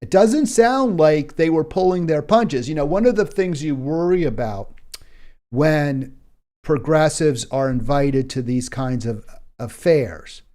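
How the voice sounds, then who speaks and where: Hosting a solo political commentary show, an American man speaks in an impassioned manner marked by emphatic repetition and many fillers and restarts. His voice is a little high, animated, and dark, at a measured pace.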